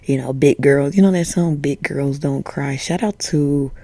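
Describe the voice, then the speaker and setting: A woman talking straight to a listener in a soft, half-whispered, reassuring way, swearing casually as she goes. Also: a bass voice, unhurried, dry recording. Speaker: spiritual channeler speaking to a viewer. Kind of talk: intimate direct-to-camera talk.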